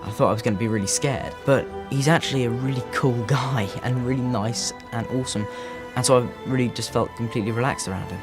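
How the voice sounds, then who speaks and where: A man's voice: medium pitch, fast talker, music in the background. A young man answering interview questions in an easygoing, chatty way. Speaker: actor interviewed.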